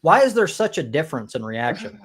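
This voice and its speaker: A man's voice: a little high, very animated, fairly quick. A man from the United States hosting a live stream, chatting crudely and rambling with restarts. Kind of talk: casual crude chat.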